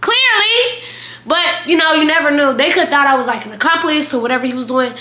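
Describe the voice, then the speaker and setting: Young woman vlogging a crazy storytime, bright sharp voice, roomy echo. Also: high-pitched, a little fast. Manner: animated, dramatic storytelling with quoted voices. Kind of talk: storytime vlog.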